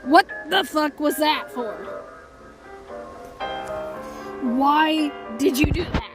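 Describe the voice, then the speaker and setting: A woman voicing a short-tempered, foul-mouthed young male troll in a raspy voice, during a live game reading with music behind. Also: high voice, a little slow. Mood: indignant. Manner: shouting insults, exasperated.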